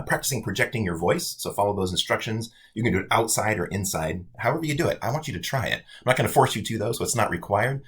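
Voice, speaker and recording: A male college instructor giving a casual, animated weekly update to his online students. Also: sits low. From United States.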